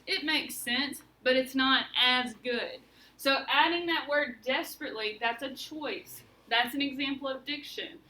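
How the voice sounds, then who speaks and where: A woman's voice: sits high, sharp tone. A woman teacher leading a class lesson, asking questions and guiding her students step by step. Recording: roomy, mic at a distance, faint room noise.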